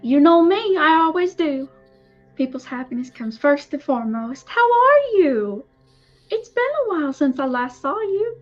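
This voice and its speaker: A woman's voice: high-pitched, very animated, unhurried, lo-fi sound, soft background music, voice pushed up. A woman playing friendly perceptive Adeline.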